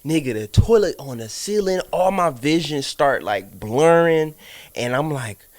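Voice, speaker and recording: A man's voice: on the high side, unhurried. A man co-hosting a casual podcast, telling a personal story with lots of swearing and acting out what he said. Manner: animated storyteller, acts out his own lines, swears often. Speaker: podcast co-host.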